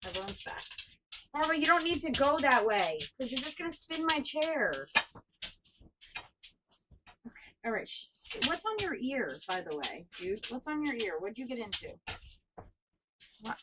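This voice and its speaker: A woman's voice: high voice, sing-song, normal speed, long pauses, very noisy. A woman co-hosting a casual livestream chat from her home, laughing, swearing and scolding her dogs. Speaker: co-host. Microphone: headphones and desk mic.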